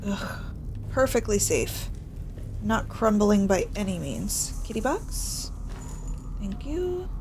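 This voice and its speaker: A woman's voice: medium pitch, big pitch swings, slow pace, long pauses, background noise. A woman casually commenting on a horror game she is playing, chatty and sarcastic, sometimes dropping to a whisper. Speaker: gaming streamer. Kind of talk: casual let's-play commentary.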